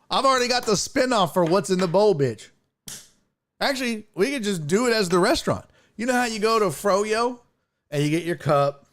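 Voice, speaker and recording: A man hosting a casual livestream, reading viewer comments in a loose, profane way and laughing often. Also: high voice. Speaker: sports talk show host.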